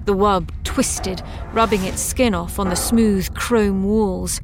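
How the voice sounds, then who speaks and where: A woman narrating a science fiction story aloud at a measured pace. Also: mid-range voice, fairly even intonation, over music.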